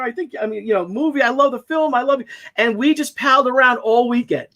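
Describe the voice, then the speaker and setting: A man's voice: very high voice, fast talker, bright, forceful tone. A man who draws comics, telling anecdotes in casual chat and acting out the quotes with animation. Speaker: comic artist.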